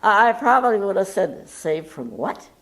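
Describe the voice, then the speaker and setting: A woman's voice: mid-range voice, very animated, measured pace, a bit bright, poor audio. A woman hosting a talk show, chatting casually and telling points with emphatic quoted lines. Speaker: host.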